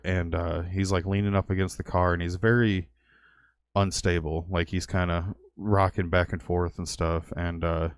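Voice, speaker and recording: A young man vlogging, telling a personal story in a halting, heartfelt way. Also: sits low, no echo, clean studio sound. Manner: halting, heartfelt, with nervous laughs.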